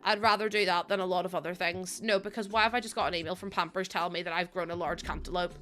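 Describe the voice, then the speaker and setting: A woman's voice: fairly low pitch, fairly even intonation, fast talker, a bit bright, soft background music. A woman with a Northern Irish accent, chatting casually to her viewers while building in a game, laughing often. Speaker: streamer.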